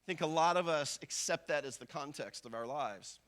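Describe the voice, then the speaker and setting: A man's voice: fairly high pitch, a little fast, fairly bright tone. A man preaching a sermon as a visiting pastor, talking in a conversational way and acting out the thoughts of everyday people. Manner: conversational preaching, acts out everyday inner voices.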